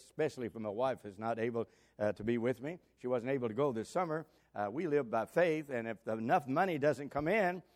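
An older man preaching a sermon, swinging between loud emphatic exclamations and soft asides. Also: medium pitch. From United States.

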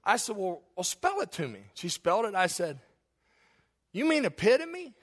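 Laughing, bright-voiced preacher. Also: male voice, high voice, brisk. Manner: laughs often at his own stories, animated. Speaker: pastor. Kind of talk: humorous sermon storytelling.

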